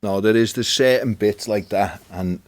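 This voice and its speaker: A man's voice: lowish voice, moderate pace, dry recording. A man with a Liverpool Scouse accent, talking casually as a podcast guest, laid-back and often trailing off. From Liverpool, England. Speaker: podcast guest, spoken word performer. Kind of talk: casual chat. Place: recording studio.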